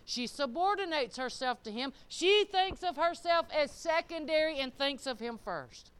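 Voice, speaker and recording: With an expressive, high-pitched voice, a fairly bright tone, and a normal speed, this woman preaches casually to her congregation. She is a folksy church speaker who addresses listeners directly and poses questions to them.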